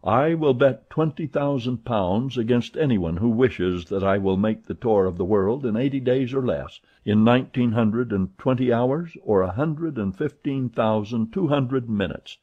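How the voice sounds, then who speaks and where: A man reading as a calm, unflappable English gentleman. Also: mid-range voice, measured pace, hardly any pauses, natural voice. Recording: dull lo-fi recording.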